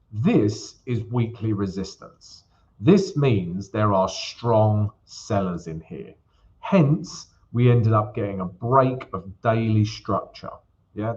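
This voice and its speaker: Here a man hosts a relaxed forex trading live stream, talking loosely with viewers while going over a chart. He keeps addressing them as "guys" and fills his speech with fillers. His voice is mid-range, and the audio comes across as dull.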